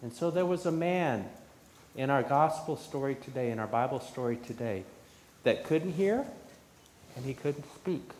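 A man's voice: mid-range voice, animated, normal speed, a little mellow. A man giving a children's sermon in church, questioning the children as he talks. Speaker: pastor. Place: church sanctuary. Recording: echoey church with faint room noise.

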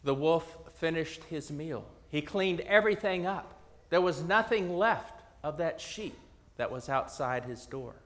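Man preaching a parable, slow dramatic pauses, high voice, echoey hall. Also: animated. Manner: dramatic storytelling with long pauses and swings from loud to hushed.

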